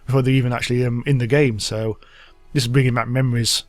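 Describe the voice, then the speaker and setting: A man's voice: medium pitch, steady tone, quick pace, no room sound, soft background music. A man hosting a let's play, giving rambling, self-mocking commentary as he thinks aloud. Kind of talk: casual gameplay commentary.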